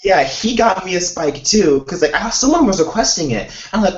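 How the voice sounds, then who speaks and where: Man, casual chat, excitable, lots of fillers, roomy echo, muffled lo-fi call audio. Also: high voice, normal speed. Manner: animated storytelling, excitable, lots of "like". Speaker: K-pop reaction YouTuber, live chat host. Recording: echoey, distant, lo-fi call audio.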